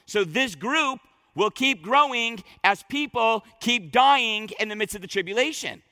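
Emphatic high-voiced male preacher. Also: expressive, unhurried, sharp tone, no room sound, big-room sound. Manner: emphatic, repeats words when starting phrases. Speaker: pastor. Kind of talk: sermon.

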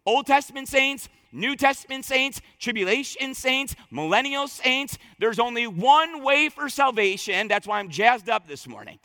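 A man's voice: very high voice, lively intonation, moderate pace, few pauses, sharp tone, dry recording, long reverb tail. A man preaching a sermon, emphatic and fervent, often repeating words as he starts a phrase. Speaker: pastor.

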